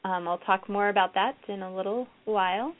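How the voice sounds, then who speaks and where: A woman's voice: medium pitch, fairly quick. Woman lecturing over tinny lo-fi audio. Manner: explanatory, models classroom activities aloud. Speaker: educator presenting a reading program. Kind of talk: recorded lecture with slides.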